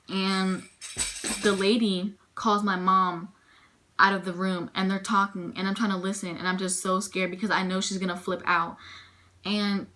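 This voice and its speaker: Bright-voiced young woman telling her story. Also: medium pitch. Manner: emotional retelling, frequent "I'm like" quotes. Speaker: vlogger. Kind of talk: personal storytime vlog.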